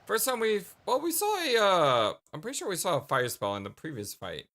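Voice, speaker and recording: Upbeat chatty let's play host. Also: male voice, high voice, wildly swooping pitch, a little fast, a little hiss or hum. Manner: upbeat, chatty, laughs easily. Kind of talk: casual gameplay commentary. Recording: loud game music behind.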